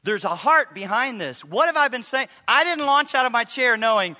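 High, bright-voiced male pastor preaching. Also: normal speed. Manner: animated storytelling, acting out quotes in a raised voice. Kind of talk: sermon. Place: church sanctuary. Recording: reverberant live church hall.

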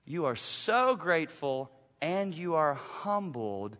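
A male pastor preaching with a high, bright and forceful voice, swinging between ringing emphasis and near-whispered asides. His words trail off into the long reverb of a big church sanctuary. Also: sing-song, takes it slowly. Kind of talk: sermon.

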